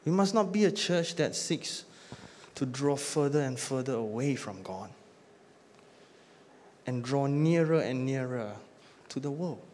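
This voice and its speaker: A male pastor delivering a sermon, building emphatic lists and then dropping to a hushed close at the end of each point. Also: mid-range voice, lively intonation, a little slow, pauses often, slight background noise. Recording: long reverb of a church hall.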